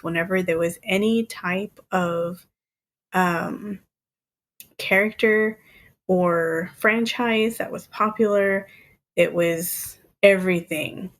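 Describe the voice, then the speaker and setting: A woman in her thirties chats casually on a podcast. Her voice sits at an ordinary middle pitch. She talks freely and often breaks into light laughter as she tells her stories. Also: fairly bright tone. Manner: chatty, laughs often while recounting. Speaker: podcast co-host. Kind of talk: casual chat.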